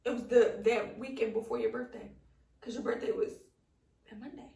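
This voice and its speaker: Chatty podcast co-host, gravelly voice, animated storyteller; echoey room, distant mic. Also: female voice, fairly high pitch, normal speed. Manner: animated storytelling, acts out quotes. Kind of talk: casual chat, personal story.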